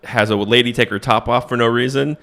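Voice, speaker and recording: A man's voice: mid-range voice, brisk. A man, a comedian hosting a podcast, recapping an old movie in a rambling, joking way and acting out the characters' lines. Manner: rambling storyteller, restarts and animated put-on quotes. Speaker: stand-up comedian podcast host.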